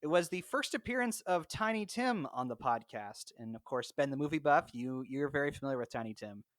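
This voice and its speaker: A man's voice: medium pitch, animated, a little fast, fairly bright tone, no echo. A man hosting a podcast in casual chat, upbeat and laughing easily, recorded remotely. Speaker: podcast host. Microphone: remote call mic.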